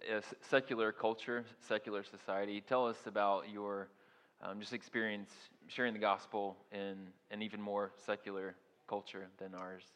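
Smooth low-voiced male interviewer. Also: a bit bright. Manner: deliberate, slight stumbles. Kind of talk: church interview questions. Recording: long hall reverb.

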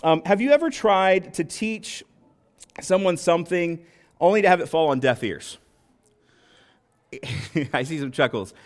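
A middle-aged man giving a casual sermon in a conversational, halting way, often restarting his sentences. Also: fairly high pitch, lively intonation. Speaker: lay preacher.

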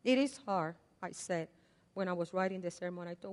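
An older woman preaching a sermon in a conversational way. She swings between loud repeated prayers and soft asides. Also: on the low side, fairly quick. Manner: conversational, with fillers and laughs. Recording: long hall reverb.

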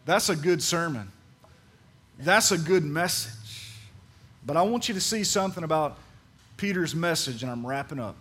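High-voiced man preaching a sermon. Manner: emphatic, repeats key phrases; swings between soft and loud delivery. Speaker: pastor.

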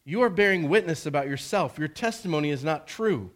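A man's voice: fairly high pitch, expressive, a little fast, fairly bright tone. A man reading the lines of skeptical male religious leaders in a questioning, slightly raised tone.

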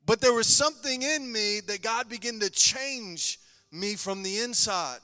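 A man preaching a passionate sermon as pastor, telling his own testimony and swinging between loud bursts and hushed lines. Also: high-pitched, unhurried, big-room sound.

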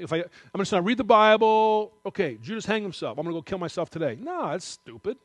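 A man's voice: high voice, no room sound. A middle-aged man giving a sermon in a candid, conversational way, at times emotional. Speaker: preacher.

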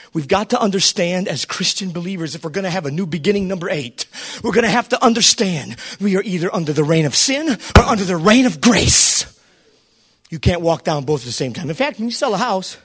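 A male pastor delivers a fervent sermon in a strikingly high, bright voice with a husky edge. His pitch leaps around as he moves from shouted appeals to hushed, close asides. He keeps putting questions to the congregation. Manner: swings from shouting to quiet, asks the congregation questions; preaches with fervor and calls out to the listeners.

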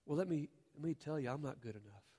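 A man's voice: on the high side, lively intonation, quick pace, dark tone. A man preaching a sermon as a pastor, earnest and rising to fervent appeals to the congregation. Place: church sanctuary.

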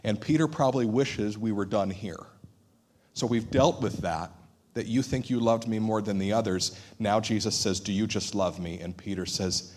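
A man preaching a sermon in an earnest manner, dropping to a hushed voice for emphasis and acting out quoted dialogue. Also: lowish voice, moderate pace. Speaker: pastor.

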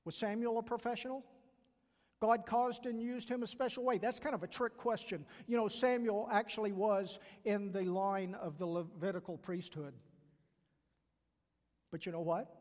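A man's voice: high-pitched, steady tone, normal speed, a little mellow. An older man with a Southern accent and a stutter preaching a sermon at church, earnestly repeating key phrases and acting out quoted voices. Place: church sanctuary. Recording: long reverb from a large hall.

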